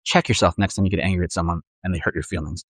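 A man's voice: low-pitched, fairly even intonation, rapid-fire, fairly bright tone, dry recording, studio quality. A man preaching a conversational sermon, earnest, acting out the inner voices of his listeners.

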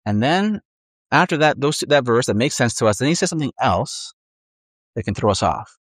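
A man preaching in an earnest, conversational way, acting out what people tell themselves. His voice sits at a middle pitch. The sound is dry and close, with no room around it. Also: lively intonation, normal speed, no room sound. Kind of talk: sermon.

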